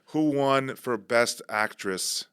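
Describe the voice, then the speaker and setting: A man's voice: mid-range voice, takes it slowly, a bit bright, smooth. A man hosting a podcast in casual chat, joking around and asking plenty of questions. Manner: joking, asks many questions.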